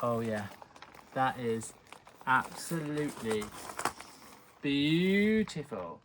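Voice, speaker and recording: A young man hosting a casual home vlog, playful and camp, breaking into sudden squeals of excitement. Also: mid-range voice, moderate pace, background noise. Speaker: vlog host.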